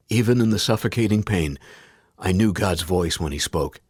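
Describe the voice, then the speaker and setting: A man reads a first-person memoir in a very low, steady register. The recording is dry and close, with no room sound. He leans into the quoted lines with strong feeling. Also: moderate pace, breathy edge, no echo. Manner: acts out anguished quoted cries, rising to pleading. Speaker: audiobook narrator. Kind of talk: scripted narration of a memoir.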